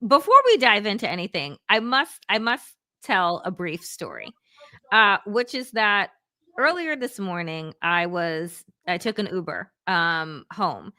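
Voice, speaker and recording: A woman political analyst co-hosting a casual talk show, telling an animated story and acting out what other people said. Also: medium pitch, measured pace. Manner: animated, acts out quoted voices, laughs often.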